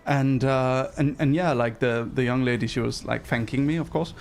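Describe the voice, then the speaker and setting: A man telling a story on a livestream, animated, emphatic and full of profanity. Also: mid-range voice, a little fast, few pauses, soft background music.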